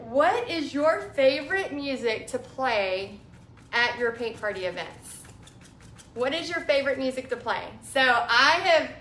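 Texan woman, slightly high voice, rambling talk while painting, echoey room; friendly painting teacher. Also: a bit bright, a little hiss or hum. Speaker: painting instructor. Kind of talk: live painting tutorial chat.

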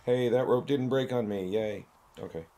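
A man's voice: medium pitch, moderate pace, mellow. A male streamer giving chatty, jokey gameplay commentary while thinking aloud.

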